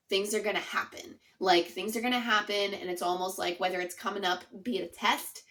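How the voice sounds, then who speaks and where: A woman's voice: medium pitch, a bit bright. A woman giving a casual spoken tarot reading to her viewers, earnest and chatty, leaning on "like" and "it's almost like". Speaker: tarot reader.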